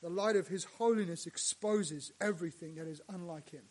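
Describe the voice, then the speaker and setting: A male pastor preaching a sermon, dropping to hushed lines and rising to loud, emphatic ones. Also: high-pitched, normal speed.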